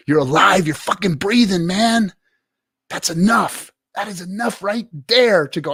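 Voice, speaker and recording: A middle-aged man hosting a livestream, giving profane, preachy motivational rants to his chat with sudden loud swings. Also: high-pitched, animated, moderate pace, breathy edge, no room sound, clean studio sound. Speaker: livestream host. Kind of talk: casual livestream chat reading viewer comments.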